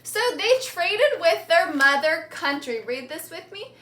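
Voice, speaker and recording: A woman teaching a lesson, saying words slowly and clearly and having the class repeat them after her. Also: extremely high pitch, expressive, pushed and bright. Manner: slow, clear, repeating key words for learners to echo. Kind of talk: call-and-response classroom lesson.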